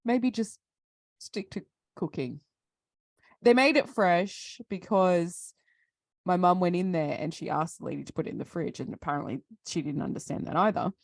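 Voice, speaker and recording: An Australian woman co-hosting a casual chat, with a lowish, gravelly voice recorded dry and close. She rants her way through a story and acts out the back-and-forth. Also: normal speed, no echo. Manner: ranting storyteller, acts out both sides of conversations. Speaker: podcast co-host.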